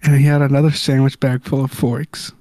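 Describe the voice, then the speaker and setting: A man's voice: medium pitch, flat delivery, fairly quick, dark tone, no echo. A young man from Southern California, co-hosting a casual podcast chat and telling stories in a laid-back, wry way. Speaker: podcast co-host.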